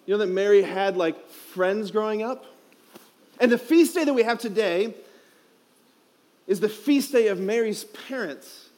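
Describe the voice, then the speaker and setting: High-voiced priest preaching to youth. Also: male voice, a little slow, long pauses, darkish tone. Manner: playful, emphatic, asks the crowd questions. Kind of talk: energetic youth conference homily. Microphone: headset.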